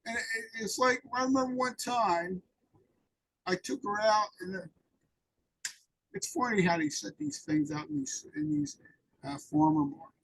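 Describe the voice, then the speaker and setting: A man's voice: high-pitched, animated, moderate pace, long pauses, fairly bright tone, slight background noise, rough recording. A man in an interview, telling rambling personal recovery stories and acting out the dialogue. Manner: rambling anecdotal storyteller, acts out dialogue. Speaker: interview guest.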